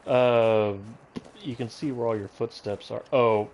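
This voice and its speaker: A man's voice: mid-range voice, steady tone, measured pace, a little mellow, dull audio, slight background noise. A man casually commentating a live gameplay stream, rambling and breaking off into tangents. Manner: rambling, self-interrupting, goes off on tangents.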